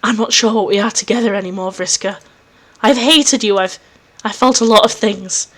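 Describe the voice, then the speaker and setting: A woman voicing an intense, scheming alien girl who talks about justice and vengeance in a low, measured way. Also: natural voice. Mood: earnest.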